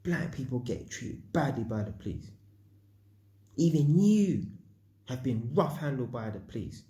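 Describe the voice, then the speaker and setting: A man's voice: mid-range voice, big pitch swings, a little slow, mellow, roomy sound. A man vlogging, telling a personal story in casual slang and acting out sound effects. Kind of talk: storytelling monologue.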